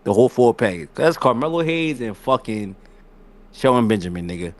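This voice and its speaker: A man's voice: medium pitch, sing-song, fairly quick. A man co-hosting a casual wrestling podcast, arguing heatedly and interrupting with profanity. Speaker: podcast co-host.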